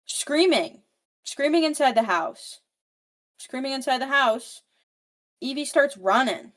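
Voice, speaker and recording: A woman's voice: high-pitched, animated, takes it slowly, fairly bright tone. A woman co-hosting a podcast, recapping a novel in casual, rambling chat full of "like" and swearing. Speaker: podcast co-host.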